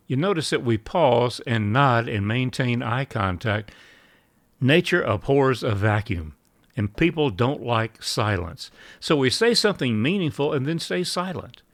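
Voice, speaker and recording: A man giving a measured sales training talk, acting out short sample lines between buyer and seller. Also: mid-range voice, dry recording, clean studio sound. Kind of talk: instructional talk.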